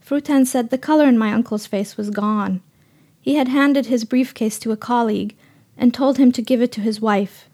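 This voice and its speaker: Sober woman reporter narrating in a measured tone. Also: a little high, mellow. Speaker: freelance reporter. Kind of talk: scripted radio narration.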